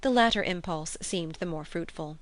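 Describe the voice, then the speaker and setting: A woman narrating a classic novel in a measured storytelling voice. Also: on the low side, dry recording. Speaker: audiobook narrator.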